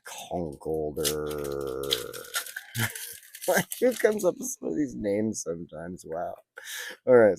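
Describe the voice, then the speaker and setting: A man casually talking through opening trading card packs, chatty and easily excited, rambling into side stories. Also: mid-range voice, no echo. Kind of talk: casual unboxing commentary.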